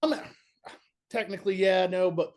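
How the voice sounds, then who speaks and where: A young man from Kentucky with a Southern accent, a band's bassist telling stories in a laid-back, chatty way. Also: normal speed, darkish tone. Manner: laid-back, chatty storyteller, says "man" and "dude" a lot. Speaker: band bassist, guest. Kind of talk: casual interview chat.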